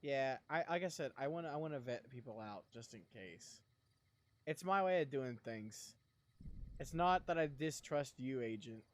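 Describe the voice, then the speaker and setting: A young man chatting casually on a live stream, rambling and excitable, laughing often and sounding sleepy. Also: mid-range voice, moderate pace.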